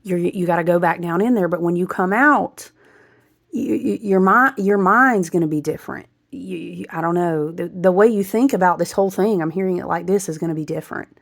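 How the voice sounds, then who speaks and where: A woman's voice: fairly low pitch, fairly quick, vocal fry. A woman giving a rambling, intuitive spiritual astrology reading, breaking into asides and laughs. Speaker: astrology reader.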